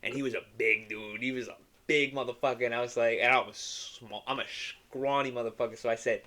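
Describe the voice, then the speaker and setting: A young man co-hosting a podcast, telling loose, crude stories full of swearing and quick laughs. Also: medium pitch, fairly even intonation, sharp tone. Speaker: podcast co-host. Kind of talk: casual chat.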